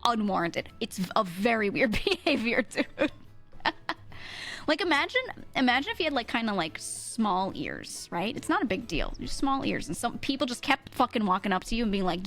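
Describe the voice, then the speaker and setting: A woman streamer, chatting fast and casually with her chat, swearing freely and laughing often, in a mid-to-low register. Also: big pitch swings, gravelly, fairly bright tone, faint music behind.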